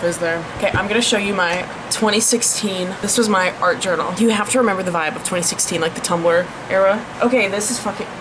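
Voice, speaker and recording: A woman's voice: fairly low pitch, noisy background. Chatty, self-mocking woman vlogger in her twenties. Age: 20s. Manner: chatty and self-deprecating, loose and profane. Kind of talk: casual vlog chat.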